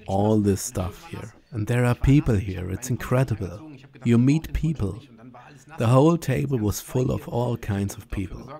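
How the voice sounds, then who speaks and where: A man's voice: mid-range voice, unhurried, creaky, mellow. A man with a German accent, talking casually to camera about a long walk, chatty and blunt, often laughing. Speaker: vlogger walking a pilgrimage trail. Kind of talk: casual spoken travel diary.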